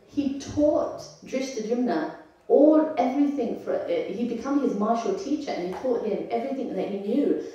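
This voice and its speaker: A woman with a fairly high, animated and warm voice speaks at a moderate pace, captured with lo-fi sound. She leads a conversational devotional scripture class, questioning her listeners, and sounds far off in an echoey temple hall.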